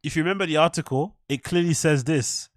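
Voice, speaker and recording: A man's voice: fairly high pitch, quick pace, no echo, studio quality. A man hosting a solo podcast, commenting on clips in a mocking, sarcastic way and swearing freely. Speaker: podcast host. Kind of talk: rambling commentary over clips.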